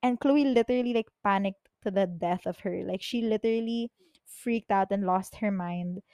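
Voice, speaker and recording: A young woman, hosting a podcast and telling personal stories in an excitable, rambling way, swearing freely. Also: mid-range voice, normal speed, dry recording. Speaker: podcast host. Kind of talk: casual personal storytelling. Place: bedroom, on her bed.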